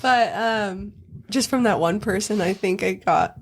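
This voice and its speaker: A woman's voice: mid-range voice, measured pace, husky. A young woman, a podcast guest, talking openly and laughing easily in casual chat.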